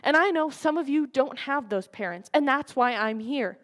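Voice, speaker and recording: A woman giving a dramatic recited speech at a school program, swinging between forceful declarations and hushed, quiet lines. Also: high-pitched, animated, moderate pace, few pauses. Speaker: student speaker at a school program.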